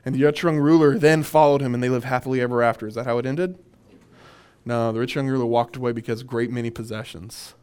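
A man's voice: medium pitch, fairly even intonation, fast talker, darkish tone, smooth. A man who is a minister, leading a conversational Bible workshop. He chuckles often and repeats his key points.

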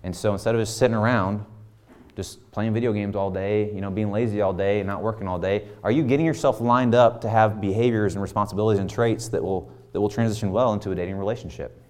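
A man's voice: on the low side, steady tone, fast talker, a little mellow. A man in his thirties preaching a conversational sermon full of rhetorical questions. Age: 30s. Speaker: pastor.

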